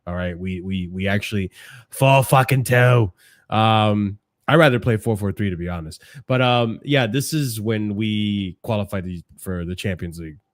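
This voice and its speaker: A man casually reacting to football clips, swearing and ranting excitably. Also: lowish voice, normal speed.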